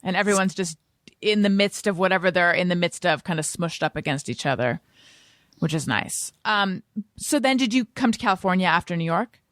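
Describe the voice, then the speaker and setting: A woman's voice: fairly low pitch, expressive, brisk, a bit bright, dry recording, clean studio sound. A woman hosting an interview podcast, talking in a reflective, casual way and affirming her guest often. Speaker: podcast host.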